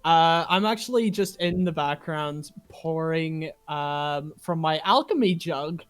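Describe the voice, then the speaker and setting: Higher-voiced man player, apologetic. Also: slow pace, over a noisy crowd. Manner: apologetic, laughing, scattered. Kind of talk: casual game table chat.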